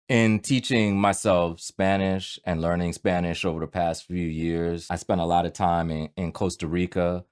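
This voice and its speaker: A man with a New York accent ranting to camera about voiceover from his home studio, emphatic and conversational with animated bursts. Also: sits low, a little slow, faint music behind. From New York, USA. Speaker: voiceover artist and YouTuber. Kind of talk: direct-to-camera opinion rant.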